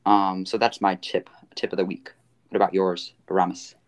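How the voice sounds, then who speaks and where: A man's voice: sits low, level tone, normal speed. Rambling casual podcast host, a man. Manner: rambling, full of fillers and restarts.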